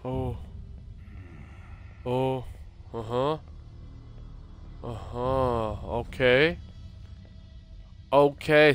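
A young gaming streamer plays a horror game, swearing, muttering prayers under his breath and reacting nervously to every noise. His middle-pitched, slightly bright voice is expressive and unhurried with frequent pauses, and faint music plays behind him.

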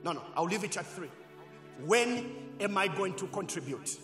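Preacher guy, high and animated, call and response, echoey church hall with faint music. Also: moderate pace. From Zambia. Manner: call-and-response preaching, swings between shouting and quiet asides. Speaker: pastor. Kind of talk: sermon.

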